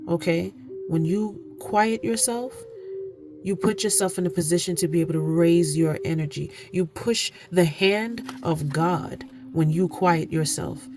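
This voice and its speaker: A woman's voice: fairly low pitch, a little slow, music in the background. A woman giving an oracle card reading, earnest and preachy, repeating phrases for emphasis. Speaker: spiritual card reader. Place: indoor room, candles lit.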